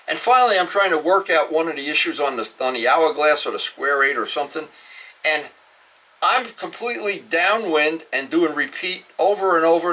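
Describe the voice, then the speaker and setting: A man's voice: sits high, bright, forceful tone, far from the mic. A man in his seventies telling stories in a rambling, casual way, with frequent restarts. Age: 70s. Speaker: model aviation storyteller. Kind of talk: casual storytelling.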